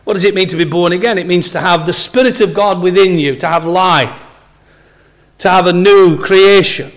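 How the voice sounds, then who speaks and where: Emphatic preacher, high voice. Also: male voice. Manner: emphatic, repeats key phrases slowly. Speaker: pastor. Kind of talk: sermon.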